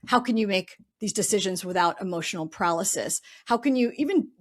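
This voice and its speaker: A woman's voice: mid-range voice, expressive, fairly quick. Middle-aged woman guest chatting on a podcast, lots of um's and you-knows. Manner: chatty, lots of "um" and "you know", thinks aloud. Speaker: podcast guest, real estate investor. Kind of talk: casual interview talk.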